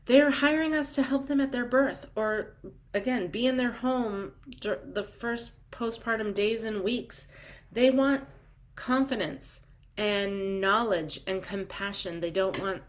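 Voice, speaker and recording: Slow, chatty woman coaching on a livestream. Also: a little high, a bit bright. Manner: chatty and upbeat, reading out viewer comments; encouraging, with frequent ums and trailing asides. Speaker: business coach for doulas. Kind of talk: live-streamed coaching chat.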